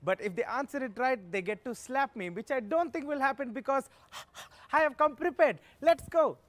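A man's voice: extremely high pitch, normal speed, fairly bright tone, no room sound. A man voicing a cocky young prank host who teases strangers in vlogger style. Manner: cocky, teasing vlogger talk.

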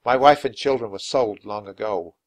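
A man voicing an elderly wounded soldier in a storybook read-aloud, speaking quietly and gravely. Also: on the low side, normal speed, lightly acted. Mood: sorrowful.

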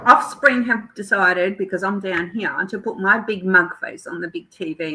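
Heavy background noise surrounds a middle-aged Australian woman as she livestreams from home at a moderate pace. Speaking with a medium pitch, she greets viewers by name and chats with them emotionally.

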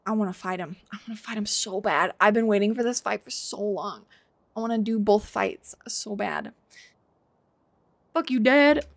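A woman's voice: mid-range voice, moderate pace, vocal fry. A woman streaming a game, chatting playfully to her viewers and yelping as she plays. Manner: playful, chatty, yelps and laughs while fighting. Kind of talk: casual gameplay commentary.

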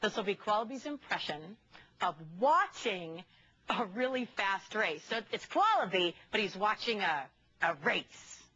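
A woman's voice: mid-range voice, very animated, a little slow, husky. A woman trainer showing off a parrot to an audience, upbeat and coaxing, laughing often. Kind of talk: live demonstration with commentary. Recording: muffled with loud ambient noise.

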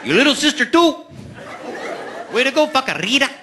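A man's voice: extremely high pitch, very animated, normal speed, background noise, pitched above the performer's own voice. A man doing a cheerful Mexican father who casually swears while praising his kids, on a live comedy stage. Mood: proud. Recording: live club recording with crowd laughter.

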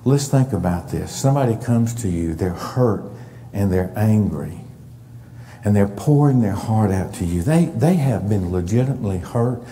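A man preaching a sermon as pastor, emphatic and deliberate, leaning hard on key words. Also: fairly low pitch, expressive, mellow, slight background noise. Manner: emphatic, stresses words for effect. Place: church sanctuary. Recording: long reverb of a church hall.

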